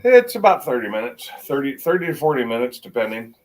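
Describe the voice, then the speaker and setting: A middle-aged man with a mixed American accent, chatting casually as a guest on a livestream and rambling with halting restarts. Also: medium pitch, sing-song, low-quality recording. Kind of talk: casual chat.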